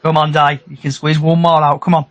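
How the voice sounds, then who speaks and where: A man's voice: on the high side, level tone, brisk. A man with a Middlesbrough accent hosting a podcast in chatty, upbeat casual talk, thanking his regulars. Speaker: podcast host. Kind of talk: casual chat.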